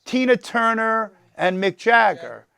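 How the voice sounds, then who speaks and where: List: man, 60s, New York accent, gravelly, slightly high voice, chatty lecturer, dry close sound. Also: measured pace. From New York, the Bronx. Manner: talkative, animated, quizzes the audience. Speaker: guest lecturer, entertainment attorney. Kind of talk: storytelling lecture to a class.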